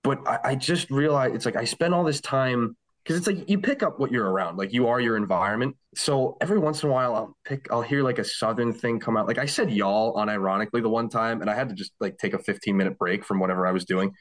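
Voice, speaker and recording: A man's voice: mid-range voice, fast talker, few pauses. A young man from the Pittsburgh area, a hockey broadcaster, chatting casually on a podcast in a rambling, self-deprecating way. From Pittsburgh area, Pennsylvania.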